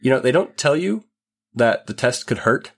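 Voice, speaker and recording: A man's voice: medium pitch, moderate pace, creaky. A young man hosting a podcast, congested from a cold, chatty and laughing as he tells stories. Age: young adult. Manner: chatty, laughs often, animated storytelling. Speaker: podcast host. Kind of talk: casual chat.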